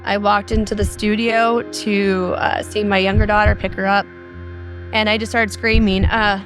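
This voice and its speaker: A woman's voice: mid-range voice, little pitch movement, normal speed, music in the background. A middle-aged woman from Arizona, a mother of four, earnestly recounting a frightening experience as a guest on a podcast. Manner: earnest, detailed storytelling.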